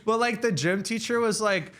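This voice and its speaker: A man's voice: high voice, normal speed, fairly bright tone. A young man hosting a podcast, telling school stories in a rambling, profane, laughing way. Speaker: podcast host. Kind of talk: casual storytelling chat.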